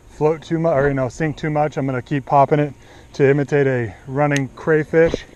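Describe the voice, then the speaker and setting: A man with a slightly high voice talks to the camera while he fishes by a pond outdoors. He is chatty and excitable, and the camera mic picks up faint outdoor sound behind him. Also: muffled recording, slight background noise. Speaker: fishing vlogger. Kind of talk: casual outdoor fishing vlog. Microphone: action camera or DSLR mic.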